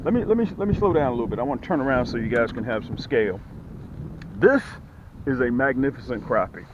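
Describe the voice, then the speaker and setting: A man fishing outdoors and talking casually to his viewers, excitable and folksy as he pitches his lures. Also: quick pace, dull audio, noisy background. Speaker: fishing vlogger and lure seller. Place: outdoors on a boat.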